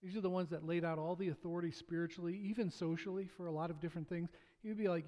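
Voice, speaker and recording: A man's voice: sits high, fast, hardly any pauses, a little mellow. A married man preaching a sermon as pastor, telling a parable in a casual, storytelling way with stammered restarts and acted-out quotes. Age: adult, married.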